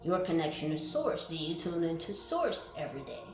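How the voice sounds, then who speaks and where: Animated woman giving a spiritual card reading. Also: deep voice, moderate pace. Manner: shifts from calm musing to loud fired-up exclaiming; reads affirmations aloud, laughs and swears casually. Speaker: tarot reader. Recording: echoey room with faint music behind.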